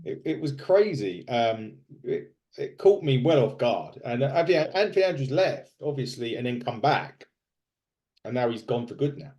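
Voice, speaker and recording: A man's voice: medium pitch, very animated, moderate pace, a little mellow, dull audio. Rambling man chatting casually. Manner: rambling, with many fillers and restarts. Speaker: podcast co-host. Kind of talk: casual chat recapping wrestling.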